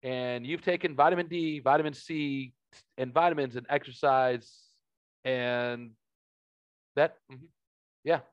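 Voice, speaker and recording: A man's voice: medium pitch, steady tone, measured pace, pauses often, dry recording, dull audio. A man telling a story in a casual podcast chat, profane and heated.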